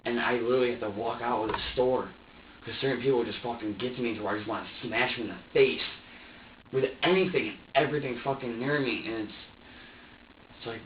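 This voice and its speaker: A man's voice: mid-range voice, steady tone, brisk. A young man under police questioning, confessing in an agitated, profane, stammering way, repeating himself as he talks. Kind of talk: emotional confession. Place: police interview room. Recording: distant, roomy, dull recording with faint hiss.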